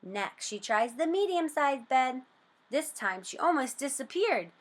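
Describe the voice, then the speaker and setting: Expressive woman reading a children's story. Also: sits high. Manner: slow, expressive, sing-song. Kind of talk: storybook read-aloud for children.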